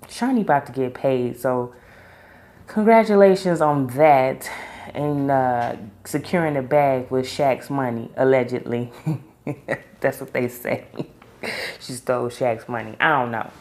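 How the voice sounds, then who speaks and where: A woman's voice: extremely low pitch, lively intonation, takes it slowly, long pauses, a little mellow. A middle-aged woman reviewing a reality TV episode in casual, opinionated chat, laughing often.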